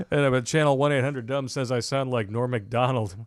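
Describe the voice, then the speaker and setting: Brief: male livestream co-host, mid-pitch, sarcastic and quick to laugh, dry close mic. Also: dry recording. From Michigan, USA. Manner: joking, sarcastic, laughs often. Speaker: podcast co-host reading super chats. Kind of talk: casual livestream chat.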